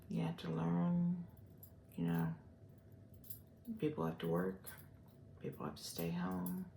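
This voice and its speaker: An older woman from the Gulf Coast of Texas, rambling through a personal vlog with many pauses and fillers. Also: on the low side, creaky, dark tone, echoey room, a little hiss or hum. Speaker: vlogger.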